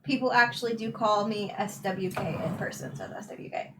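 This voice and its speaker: A woman's voice: mid-range voice, moderate pace, noisy background. A woman co-hosting a casual livestream, reading chat aloud and laughing often.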